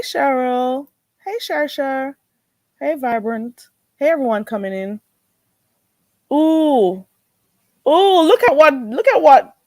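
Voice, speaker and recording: A woman hosting a casual livestream, greeting viewers in a playful, animated way and laughing often. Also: sits high, dry recording. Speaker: livestream host.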